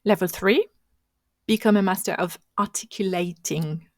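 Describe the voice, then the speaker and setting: A woman's voice: mid-range voice, normal speed, dry recording. A woman hosting her own coaching podcast, speaking English as a second language, with an instructive, conversational manner that often restarts mid-phrase. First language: not English. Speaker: podcast host and marketing coach. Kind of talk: solo coaching podcast talk.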